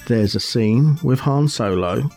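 Animated man chatting casually. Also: medium pitch, measured pace, soft background music. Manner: animated, laughs often, explains with examples. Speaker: podcast co-host. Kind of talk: casual chat.

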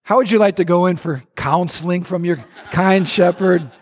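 High, gravelly-voiced male pastor preaching. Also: normal speed, in a large hall. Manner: animated, conversational preaching with humor. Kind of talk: sermon.

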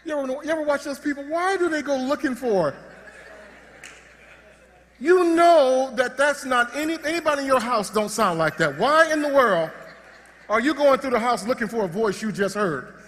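A male pastor preaching a sermon, animated and joking, often restarting his sentences. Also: very high voice, normal speed, slight background noise. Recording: long hall reverb.

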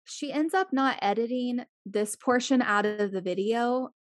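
A woman's voice: fairly high pitch, a little slow, no echo, clean studio sound. A woman chatting casually as a podcast co-host, full of "like" fillers and blunt swearing. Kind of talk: casual chat.

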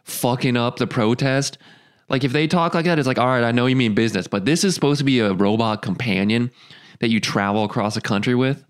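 A male podcast host in casual chat, joking and swearing, laughing often and filling pauses with ums. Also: mid-range voice.

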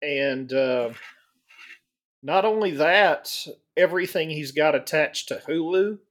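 A man's voice: on the high side, slow pace, a bit bright. A man chatting casually on a podcast in a matter-of-fact way, with casual curses. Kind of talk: casual chat.

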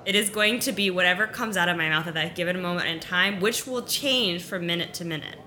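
A woman's voice: lowish voice, a little fast, sharp tone, slight background noise. A woman player at a tabletop game, chatting playfully and teasing herself. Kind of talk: casual chat at a tabletop game.

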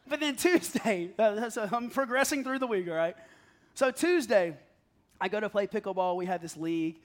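A man's voice: high-pitched, expressive, normal speed. A man in his thirties preaching in a conversational, self-deprecating way, telling stories and often laughing. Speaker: pastor. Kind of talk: conversational sermon.

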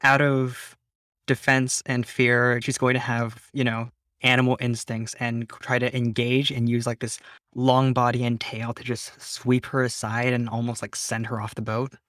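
A man's voice: mid-range voice, flat delivery, normal speed, a bit bright, dry recording, clean studio sound. A man playing a tabletop game, describing his character's moves loosely with many fillers. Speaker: player. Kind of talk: casual tabletop play.

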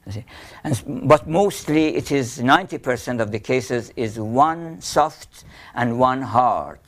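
A poet and painter who teaches Persian poetry explains it in an interview, speaking with a Persian accent. His medium-pitched, expressive voice moves at a measured pace as he tells anecdotes and chants poetic rhythms aloud.

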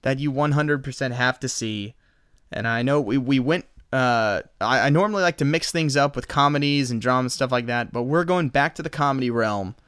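A man co-hosting a podcast in casual chat, animated and quick to laugh. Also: mid-range voice, smooth, no room sound, studio quality. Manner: animated, retells scenes with laughter. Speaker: podcast co-host.

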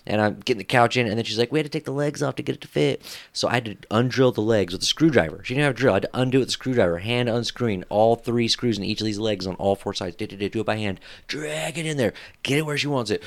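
A man co-hosting a podcast, telling stories in a crude, animated, joking way. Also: medium pitch, quick pace, vocal fry. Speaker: podcast co-host. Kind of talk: casual podcast chat.

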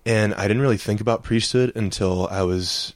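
A man from Alabama, a seminarian, answering earnestly and a little haltingly on a podcast. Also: fairly low pitch, no room sound. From Mobile, Alabama. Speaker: seminarian guest.

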